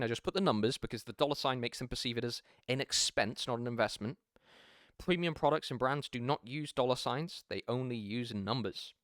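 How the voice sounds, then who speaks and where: Animated man coaching sales, dry sound. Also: medium pitch, no echo. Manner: animated, acts out sales calls, swears casually. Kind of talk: casual tutorial talk.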